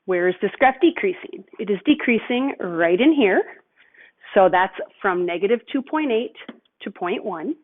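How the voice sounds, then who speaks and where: A woman's voice: medium pitch, animated, normal speed. A woman teacher walking through a math lesson step by step, patient and thinking aloud. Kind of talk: recorded lesson walkthrough. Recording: tinny phone-like audio.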